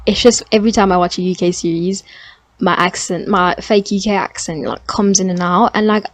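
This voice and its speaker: A young adult woman chatting casually in a review vlog, gushing with bursts of excited emphasis. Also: lowish voice, fairly quick, dry recording. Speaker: TV series reviewer.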